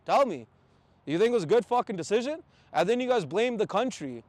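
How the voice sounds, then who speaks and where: A man's voice: high voice, big pitch swings, a little fast. A man from Canada, a truck driver, ranting in blunt, profane casual talk with angry outbursts. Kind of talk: heated casual rant.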